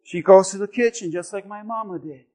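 A man preaching a sermon as pastor, telling stories animatedly and swinging between loud bursts and hushed lines. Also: sits high, fairly quick.

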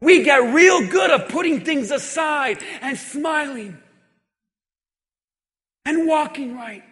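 A male pastor delivers a sermon with a high, ringing voice and a bright, forceful edge. He preaches with passion, driving home repeated refrains. The sound carries a long church-hall reverb. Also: lively intonation, slow.

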